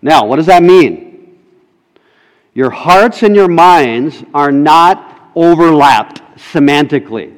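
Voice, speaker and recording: A man delivers a sermon at an unhurried, deliberate pace, his voice sitting slightly high. He presses his points emphatically and questions his listeners directly. The sound carries a long hall reverb, as if captured in a church sanctuary. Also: animated. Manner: emphatic, rhetorical questions to the congregation. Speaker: pastor.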